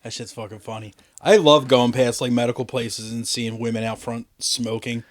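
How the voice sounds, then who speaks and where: A man's voice: medium pitch, level tone, normal speed. A man hosting a podcast, chatting casually with friends, swearing freely and laughing often. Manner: profane, joking, laughs often. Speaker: podcast host.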